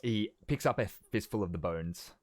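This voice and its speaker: A man running a tabletop game as game master, narrating in a halting way with many fillers. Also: lowish voice, animated, no room sound.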